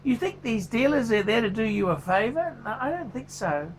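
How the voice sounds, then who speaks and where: A man's voice: very high-pitched, big pitch swings, moderate pace, exaggerated voice. A man voicing a furious, foul-mouthed male watch reviewer who swears constantly in a paid review rant. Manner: swears constantly, ranting, blunt.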